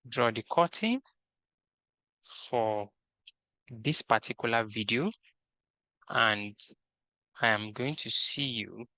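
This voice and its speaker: Slow gravelly guy walking through a coding lesson, bright tone, dry close mic. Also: fairly low pitch, dry recording. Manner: slow, methodical, reads task instructions aloud. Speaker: coding tutor. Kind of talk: screen-recorded coding tutorial.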